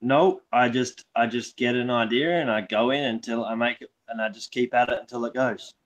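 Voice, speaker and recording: On an online video call, a male guest chats casually in a mid-range voice at a fairly quick clip. His delivery is loose and easygoing but hesitant, full of ums.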